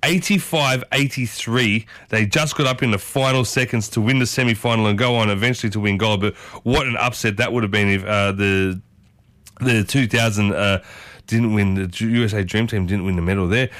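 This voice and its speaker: Australian male breakfast host, enthusiastic rambler, mid-pitched, dry close studio sound. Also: moderate pace, a bit bright, dry recording. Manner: enthusiastic, rambling, reminiscing with lots of asides. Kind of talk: chatty community radio show. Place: radio studio.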